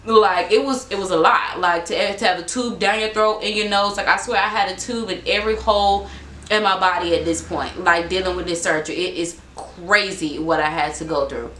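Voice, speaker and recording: A woman's voice: lowish voice, fairly quick, fairly bright tone. A woman in her twenties telling a casual storytime vlog, rambling with many fillers and acting out quoted exchanges. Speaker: vlogger. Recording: echoey room with faint background noise.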